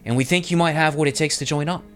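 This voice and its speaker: A man's voice: on the high side, quick pace. A man running a tabletop game as game master, narrating scenes and voicing side characters in an easygoing way. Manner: lively, easygoing.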